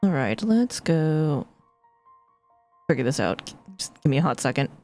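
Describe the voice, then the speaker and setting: A chatty woman streamer talking into a streaming mic, casual and self-mocking, with the odd swear. Her voice sits low for a woman but swings widely in pitch. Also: sing-song, unhurried, a little mellow, faint music behind. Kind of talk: casual live-stream chat.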